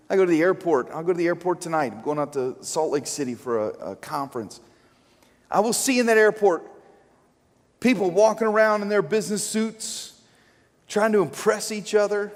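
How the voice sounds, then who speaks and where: High-pitched guy preaching, jokey and animated, long church echo. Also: moderate pace. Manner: animated, joking storyteller who acts out quotes. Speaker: pastor. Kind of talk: sermon. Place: church sanctuary. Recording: long church hall reverb.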